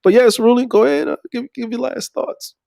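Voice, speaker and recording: A man's voice: extremely high pitch, steady tone, fairly quick, gravelly, mellow, no echo, studio quality. A man hosting a live stream, chatting loosely and laid-back with lots of fillers. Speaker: stream host. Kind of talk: casual live-stream chat.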